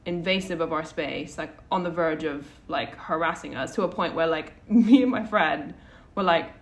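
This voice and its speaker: A woman's voice: low-pitched, moderate pace. A woman co-hosting a podcast, telling a personal story in a rambling, casual way with lots of restarts and fillers. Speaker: podcast co-host.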